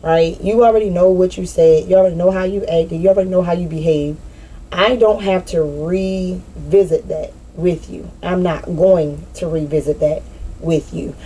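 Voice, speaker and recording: Woman, casual spiritual vlog monologue, blunt and profane, slangy; lowish mellow voice, faint outdoor ambience. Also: breathy edge, low-quality recording. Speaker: spiritual vlogger. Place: outdoors in nature.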